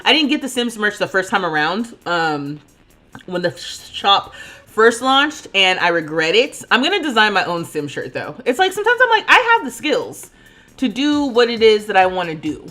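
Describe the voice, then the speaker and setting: A woman in her thirties chatting casually on a livestream while she plays, laughing often and thinking out loud. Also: mid-range voice, sing-song, normal speed, soft background music. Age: 30s. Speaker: streamer.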